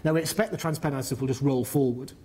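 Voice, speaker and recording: With a medium pitch and a slightly mellow, slightly rough tone, a middle-aged northern Englishman talks quickly as a panel speaker on business and infrastructure. He explains things fluently, but ums and restarts run throughout.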